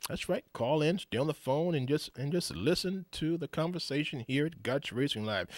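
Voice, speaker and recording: A man hosting a live radio talk show, shifting from a booming announcer voice to a loose, rambling chat full of fillers. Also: lively intonation, fairly quick, few pauses, no room sound, clean studio sound. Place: radio studio.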